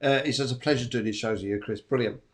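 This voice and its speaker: This is a man hosting a spiritual live show and giving psychic readings. He rambles, circles back, and repeats phrases as he relays messages. His voice sits at an ordinary male pitch. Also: fast. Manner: rambling, repeats phrases, tags sentences with "here". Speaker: host and psychic medium.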